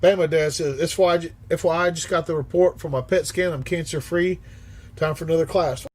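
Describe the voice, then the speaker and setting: A man in his fifties hosting a livestream, reading chat aloud and answering in a blunt, profane, animated way. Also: on the high side, brisk. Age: 50s.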